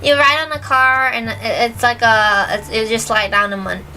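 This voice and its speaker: A woman's voice: a little high, steady tone, normal speed, pushed and bright, a little hiss or hum, poor audio. A woman streamer with a mixed British and American accent, chatting casually and giggling as she searches for words. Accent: mixed, part British, part American. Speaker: virtual streamer. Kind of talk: casual stream chat reading chat questions.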